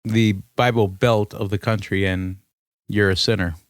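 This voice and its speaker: A man co-hosting a casual comedy podcast, trading crude deadpan insults. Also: fairly low pitch, moderate pace, no room sound, studio quality. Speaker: podcast co-host.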